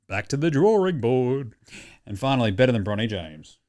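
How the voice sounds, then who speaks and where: A man's voice: mid-range voice, normal speed. A man with an Australian accent hosting a sports podcast, joking and swearing in casual chat. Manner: profane, animated and joking. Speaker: podcast host.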